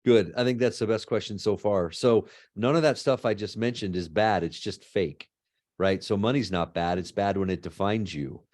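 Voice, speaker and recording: Low-voiced man, animated storyteller. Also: moderate pace. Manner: animated storyteller, frequent "right?" tags. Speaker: law and ethics professor. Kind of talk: interview answers.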